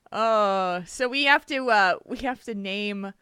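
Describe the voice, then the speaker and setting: A woman's voice: medium pitch, bright, forceful tone, clear, resonant tone, no echo, studio quality. A woman hosting a podcast from home over a video call, chatty and laughing often. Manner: giggly, chatty. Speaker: podcast host. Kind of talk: casual podcast chat.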